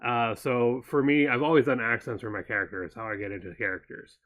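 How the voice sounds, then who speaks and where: A man co-hosting a casual chat show, wandering through his thoughts and pausing to recall details. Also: medium pitch, steady tone, fairly bright tone. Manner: meandering, stops to recall details mid-sentence.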